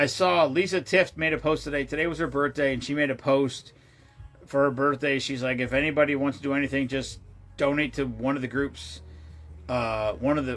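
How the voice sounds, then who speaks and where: A man with a husky voice chats casually on a charity livestream. He rambles, swears freely and often restarts or trails off mid-sentence, at a medium pitch. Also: fairly bright tone.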